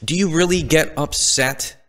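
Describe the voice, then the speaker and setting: A man's voice: a little high, normal speed, a bit bright. A young man with a light New England accent, co-hosting a casual podcast chat in a blunt, teasing, profane way. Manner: teasing, blunt, swears freely. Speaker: podcast co-host.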